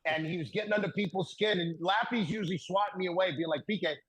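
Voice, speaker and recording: A man in his thirties, a podcast guest telling stories in a casual, animated way and laughing through the punchlines. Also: high-pitched, quick pace, slightly rough, low-quality recording. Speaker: podcast guest, former hockey defenseman. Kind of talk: casual storytelling.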